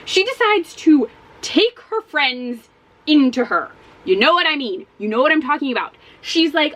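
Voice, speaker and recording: Woman, book vlogger, casual review, exasperated, swears a lot, higher voice, very lively intonation. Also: normal speed, poor audio. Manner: animated and exasperated, swears often.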